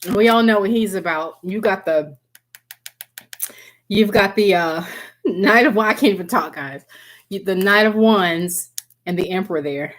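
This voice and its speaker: A woman's voice: medium pitch, normal speed, pauses often. A woman reading tarot cards on a live stream, chatty and giggly, addressing her viewers by name. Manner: giggly, keeps breaking into laughter and apologizing. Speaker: tarot reader.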